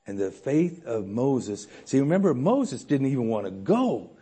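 A man preaching a sermon in a church room, animated, swinging between loud emphasis and soft asides with frequent chuckles. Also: medium pitch, unhurried, breathy edge.

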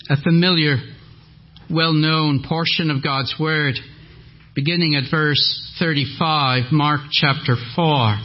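An older man with a French Canadian accent, whose first language is French, preaching a sermon slowly and deliberately with gentle humor. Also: fairly high pitch. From French-speaking Canada. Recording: dull lo-fi audio.

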